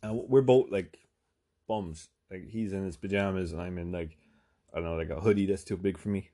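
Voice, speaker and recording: A man's voice: low-pitched, brisk, mellow. Rambling, cursing male storyteller. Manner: rambling, profane, full of fillers. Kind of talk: casual anecdote telling.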